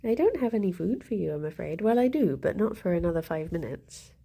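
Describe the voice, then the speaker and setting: A woman's voice: fairly low pitch, sing-song, a little fast, creaky, dark tone, breathy edge. A woman live-streaming and chatting casually with her viewers, laughing often and talking to her pets. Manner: giggly, chatty, talks to pets and chat.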